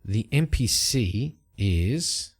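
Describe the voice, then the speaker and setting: A man's voice: lowish voice, animated, extremely slow, breathy edge. A man hosting a solo tabletop game, narrating the story and musing aloud as he checks tables and rolls dice. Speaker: host and solo game player.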